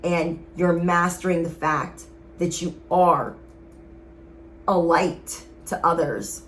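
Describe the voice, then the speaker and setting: A woman's voice: lowish voice, slow, slight background noise. A woman giving a casual tarot reading, speaking straight to her viewers in an emphatic, sassy way. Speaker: tarot reader.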